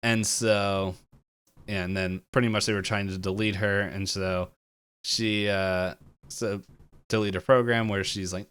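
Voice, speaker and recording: A man co-hosting a podcast, retelling a cartoon episode in a casual, animated way and jumping into the characters' lines with laughter. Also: lowish voice, unhurried, clear, resonant tone. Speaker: podcast co-host.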